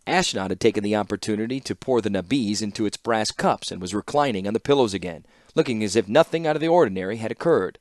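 A man reading a fantasy story aloud as an audiobook narrator, with steady, measured narration. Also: on the low side, dry recording, clean studio sound.

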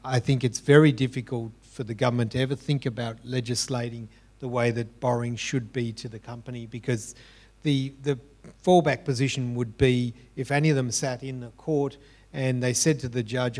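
A man speaking as a panelist on business lending, explaining in a measured, matter-of-fact way. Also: medium pitch, flat delivery, darkish tone. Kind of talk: panel discussion.

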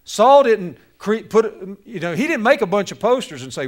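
A man preaching a lively sermon, telling a story and acting out its characters with jokes for the audience. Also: high voice, moderate pace. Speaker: speaker to youth on bullying.

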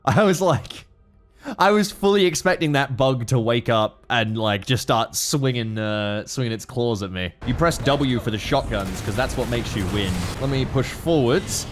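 A man with an Australian accent giving excitable, casual commentary while playing a strategy game, swearing freely and yelling at his units. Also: mid-range voice, moderate pace. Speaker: gaming streamer. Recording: commentary over game audio with music.

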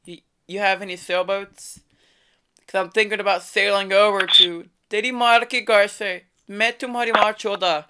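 A woman talks over a noisy, hissing recording, mocking and taunting the person on the line. She stutters now and then as she pushes ahead. Her pitch sits in a middling range. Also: fairly even intonation, normal speed, sharp tone. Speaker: prank caller. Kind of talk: casual prank call. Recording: noisy background hiss.

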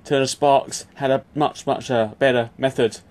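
A man's voice: medium pitch, fairly even intonation, normal speed, darkish tone. A man hosting a podcast, giving a rambling, friendly introduction. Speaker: podcast host.

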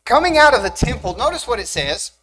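Animated young preacher man, emphatic. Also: very high-pitched, fairly quick, low-quality recording. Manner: animated, rising emphatic delivery with rhetorical questions. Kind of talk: sermon. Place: church sanctuary.

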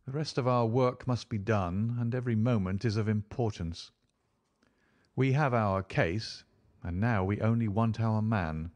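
A man voicing a calm, commanding middle-aged detective in a storybook reading, measured and authoritative. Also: lowish voice, dull audio, natural voice. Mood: urgent.

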